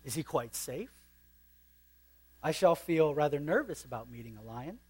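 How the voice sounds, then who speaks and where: A man reading the lines of a nervous young girl in a storybook passage, softly and hesitantly. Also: a little high, expressive, moderate pace, slightly rough.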